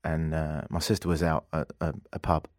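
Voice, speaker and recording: A man hosting a radio talk show, telling a story in a casual, animated way and acting out the people in it. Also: a bass voice, moderate pace, dry recording, studio quality. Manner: animated storyteller, acts out quoted voices. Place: radio studio.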